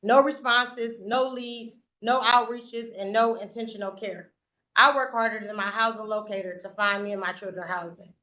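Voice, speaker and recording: A woman's voice: a little high, fairly even intonation, normal speed, bright, forceful tone, low-quality recording. A woman reading a prepared statement to a zoning board in a public meeting room. She is earnest and stumbles now and then over her notes. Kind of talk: prepared statement read aloud.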